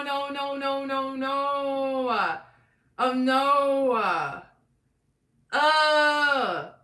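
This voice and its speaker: A woman's voice: a little high, pushed and bright, echoey room. A young woman hosting a casual livestream, chatting animatedly with her viewers in the chat. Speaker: livestream host.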